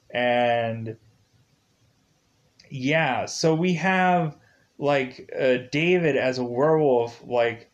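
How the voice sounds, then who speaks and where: Slow, rambling man reviewing a film. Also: on the high side, a little mellow. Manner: rambling, heavy on fillers like "like" and "uh"; chuckles while retelling scenes. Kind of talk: casual video review.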